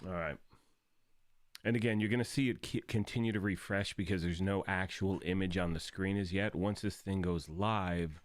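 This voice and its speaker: Man, gaming live-streamer, raspy morning voice, upbeat casual chat, deep low voice. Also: fairly even intonation, moderate pace, no echo. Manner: upbeat and chatty, greeting viewers.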